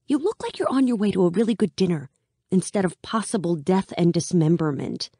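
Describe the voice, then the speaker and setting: A woman's voice: lowish voice, expressive, a little fast, dark tone, breathy edge, dry recording, studio quality, pitched above the performer's own voice. A woman voicing a breezy, teasing young soldier. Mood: reassuring. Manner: cheerful, joking, teasing. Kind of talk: audiobook character voice.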